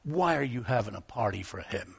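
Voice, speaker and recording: A man's voice: mid-range voice, lively intonation, brisk, gravelly, slightly rough, pitched below the performer's own voice, full character voice. A man voicing a resentful older brother who complains in indignant questions.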